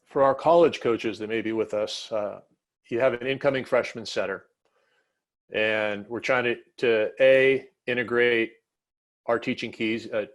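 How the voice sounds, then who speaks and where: A man hosting a coaching video call, talking casually and rambling a little as he sets up questions. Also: fairly low pitch. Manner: casual, rambling, self-correcting. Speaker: host and volleyball coach. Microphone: video call mic.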